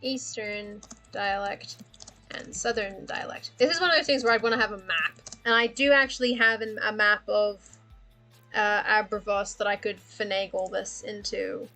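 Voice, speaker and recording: A woman's voice: medium pitch, moderate pace, bright, forceful tone, soft background music. A woman livestreaming casually, rambling and thinking aloud with frequent laughter. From Australia. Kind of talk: casual livestream chat about worldbuilding.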